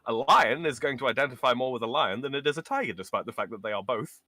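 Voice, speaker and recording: Bright-voiced man, halting and measured. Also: medium pitch, dry recording. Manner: halting, many fillers and restarts, measured argument. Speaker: podcast guest. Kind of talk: casual political chat.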